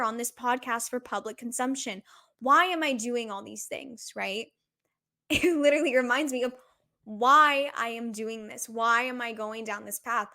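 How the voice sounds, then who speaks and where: A woman's voice: on the high side, bright, forceful tone. A woman in her twenties hosting her own podcast, talking in an earnest, reflective way and asking herself many rhetorical questions. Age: 20s. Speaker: podcast host. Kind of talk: solo podcast talk.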